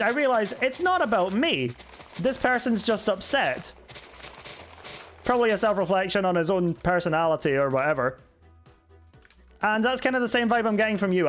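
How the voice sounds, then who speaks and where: A young man streaming a game, chatting casually and answering chat with sarcasm and swearing. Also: sits high. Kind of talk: casual live-stream chat while gaming.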